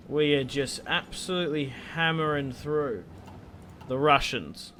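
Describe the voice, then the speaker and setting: A man's voice: a little high, measured pace, pushed and bright, soft background music. A young adult man giving casual, joking gameplay commentary, rambling and swearing as he plays. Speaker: gaming video host.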